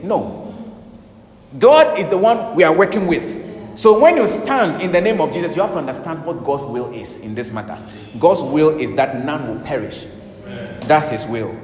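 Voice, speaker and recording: A man preaching a sermon, swinging from loud, urgent bursts to hushed passages. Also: a little high. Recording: echoey hall with long reverb, faint ambience.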